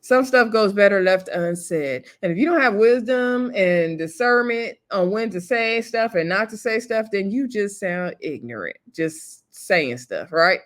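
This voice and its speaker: A woman talks through a TV episode in a loose, chatty recap. Her voice sits at an ordinary middle pitch. She is opinionated and acts out the lines people said. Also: expressive, measured pace, hardly any pauses. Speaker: TV show recapper.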